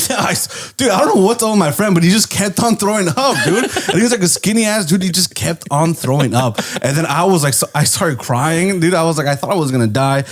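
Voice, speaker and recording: A man co-hosting a podcast, telling a story in an animated way, often laughing and acting out voices. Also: a little high, brisk. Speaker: podcast co-host. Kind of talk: casual storytelling chat.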